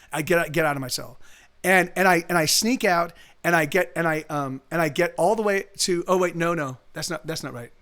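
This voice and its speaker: A man's voice: sits high, a bit bright. A man telling a long story in a casual, rambling way, often restarting his sentences and swearing. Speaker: streamer. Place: home streaming setup.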